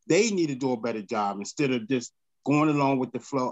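A man's voice: medium pitch, expressive, fairly quick. A man with a mid-range voice speaks bluntly in a casual group chat, frustrated and direct. His voice comes through a little dull and lo-fi. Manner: blunt, frustrated, vents about courts.

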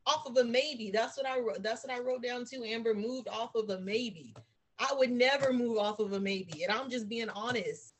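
A woman's voice: fairly high pitch, moderate pace, husky. A woman talking earnestly and emotionally about her faith on a podcast, telling personal stories with feeling. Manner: emotional, earnest, animated storytelling. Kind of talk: heartfelt casual faith talk.

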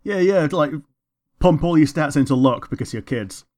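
A man's voice: on the high side, animated, normal speed, darkish tone. Laid-back man in casual chat. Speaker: co-host watching a cartoon.

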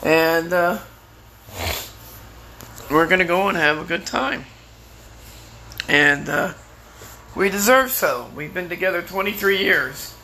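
A man's voice: high-pitched, animated, slow, long pauses, bright, forceful tone, slight background noise. A middle-aged man telling his own story in a candid, rambling way, full of restarts and fillers. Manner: candid and plainspoken, sometimes swears. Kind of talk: casual personal storytelling.

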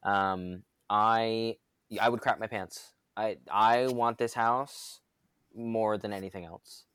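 Eager man with a smooth low voice. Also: fairly even intonation, slow pace, fairly bright tone, no room sound. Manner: enthusiastic, talks in long runs with many restarts and fillers. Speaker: podcast co-host. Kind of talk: casual chat.

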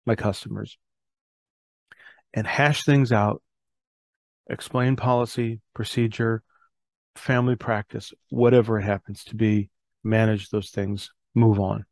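Podcast host, middle-aged man, gravelly, earnest reflective talk, dry close sound. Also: lowish voice, fairly even intonation, unhurried, pauses often, darkish tone, no echo. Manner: earnest, reads scripture aloud, self-correcting.

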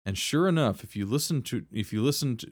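A man's voice: mid-range voice, lively intonation, quick pace, breathy edge, no room sound, clean studio sound. A man co-hosting a casual podcast, joking, laughing often and telling anecdotes as he chats with friends. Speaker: podcast co-host, history teacher. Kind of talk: casual chat.

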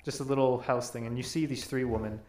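A man's voice: medium pitch, fairly even intonation, fast talker, darkish tone, echoey room. A man hosting a casual podcast, narrating a video and explaining things in a rambling way. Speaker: podcast host.

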